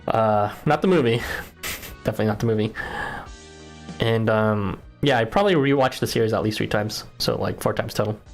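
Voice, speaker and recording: A man's voice: fairly low pitch, brisk, gravelly, soft background music. A man casually commenting on a game he plays, joking and rambling in asides. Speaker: game streamer. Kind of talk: casual playthrough commentary and reading game lines aloud.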